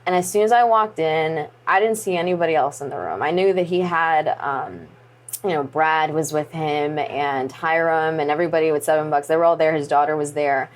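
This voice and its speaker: A woman's voice: low voice, a little fast. A woman wrestler as an interview guest, telling a story in casual chat with lots of "like" and "you know". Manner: animated, acts out quoted voices; many fillers like "like" and "you know".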